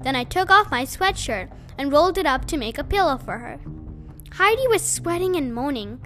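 A woman reading a children's novel aloud, telling the story in a gentle, unhurried way. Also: high voice, very animated, soft background music.

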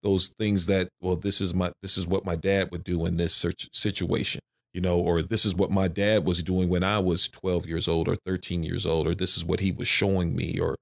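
A man's voice: low voice, level tone, normal speed, vocal fry, hardly any pauses. A man who is a father of three, talking frankly and emphatically in a casual podcast conversation, repeating his phrases as he goes.

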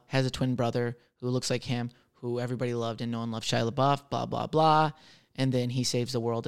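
A man's voice: mid-range voice, creaky, clear, resonant tone. A man in his thirties chatting casually on his own, sarcastic and crude, mocking himself as he tells stories. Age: 30s. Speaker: server, solo podcaster. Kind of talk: casual solo chat answering question cards.

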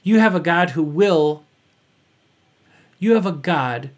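Man preaching a sermon, higher voice. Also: lively intonation, takes it slowly. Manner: earnest, reads from notes with asides. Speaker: pastor.

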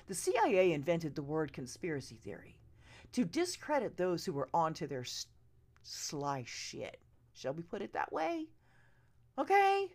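A woman ranting straight to her viewers, profane and urgent, now and then dropping to a hushed whisper. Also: mid-range voice, big pitch swings, normal speed. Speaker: vlogger. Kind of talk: impassioned direct-to-camera rant.

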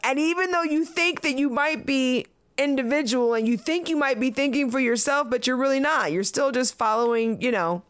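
A woman's voice: high voice, normal speed, hardly any pauses, smooth. A woman in her late thirties giving casual commentary as a vlogger, blunt and profane, often breaking into laughter between remarks. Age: late 30s.

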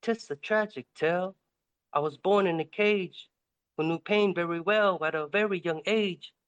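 A man's voice: sits high, moderate pace, fairly bright tone, clean tone, dull audio. A man voicing an old, wise male raven with clipped wings, speaking in a solemn, archaic manner.

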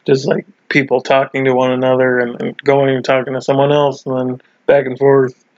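A man co-hosting a podcast in casual chat, chatty and quick to laugh. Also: medium pitch, monotone, darkish tone, no room sound, highs cut off. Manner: chatty, laughs often, restarts and fillers. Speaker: podcast co-host.

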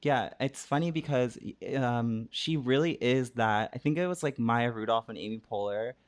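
A man co-hosting a podcast in casual chat, easygoing and quick to chime in with agreement. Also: mid-range voice. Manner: easygoing, chiming in with short agreements. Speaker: podcast co-host.

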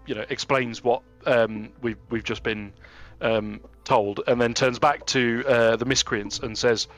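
Man playing a tabletop game, halting. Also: medium pitch, steady tone, fairly bright tone, no room sound, faint music behind. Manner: halting, full of fillers. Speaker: player. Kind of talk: casual tabletop play.

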